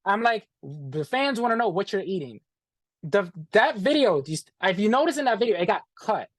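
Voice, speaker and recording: A man telling a story as an interview guest, animated and profane, acting out what people said and calling the listener "bro". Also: sits high, normal speed, dry recording. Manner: animated, profane, acts out quoted dialogue, says "bro". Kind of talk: casual storytelling.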